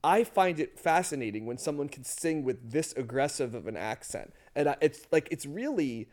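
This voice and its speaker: A man's voice: fairly high pitch, lively intonation, normal speed, a little mellow. A man from the US Northeast co-hosting a podcast, chatting casually about music and thinking aloud with lots of fillers. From US Northeast, near New York and Philadelphia. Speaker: podcast co-host.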